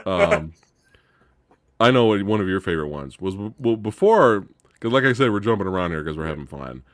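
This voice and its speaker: A man hosting a casual movie review chat, excitable and laughing, often restarting his sentences. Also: lowish voice, a little fast, no room sound, clean studio sound. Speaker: host.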